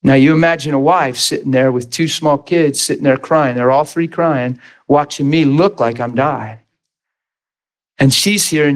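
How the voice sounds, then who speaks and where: A man's voice: medium pitch, normal speed. Fervent male pastor preaching. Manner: fervent, emphatic, laughs between points. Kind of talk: sermon testimony.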